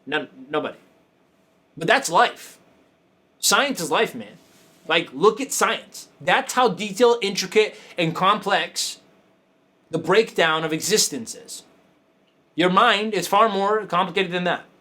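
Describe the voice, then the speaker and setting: High, lively-voiced coaching show host. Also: male voice, measured pace, pauses often. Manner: emphatic, repetitive, profane, laughing asides. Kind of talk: casual motivational talk.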